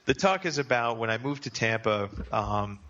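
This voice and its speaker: A man's voice: medium pitch, expressive, moderate pace, a bit bright, lo-fi sound, slight background noise. A man from New Jersey, a podcast guest, telling a rambling, self-deprecating story with many restarts. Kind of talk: casual storytelling interview.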